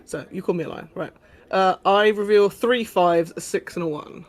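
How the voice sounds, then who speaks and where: A man playing a tabletop game, chatting casually and thinking out loud. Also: high-pitched, moderate pace. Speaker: player.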